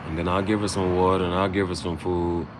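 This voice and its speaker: A man's voice: low voice, little pitch movement, quick pace, noisy background. A man freestyling a loose, swaggering, profane rhyming monologue as host.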